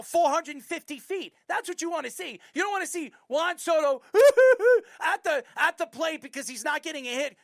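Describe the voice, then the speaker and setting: A woman with a New York accent hosting a sports talk show, ranting bluntly about a player with loud bursts. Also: sits high, no room sound, clean studio sound. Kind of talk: opinionated sports commentary.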